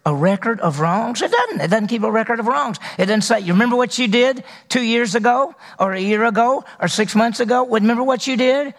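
A man's voice: extremely high pitch, animated, a little fast, few pauses, big-room sound. A man preaching a sermon as pastor, talking in a conversational way and putting questions to his congregation.

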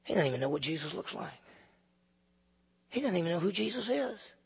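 A fervent male pastor delivers a sermon in a gravelly, somewhat husky voice that swings between hushed asides and loud emphasis. His pitch sits a little high for a man. A long hall reverb hangs behind him. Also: very animated, a little fast.

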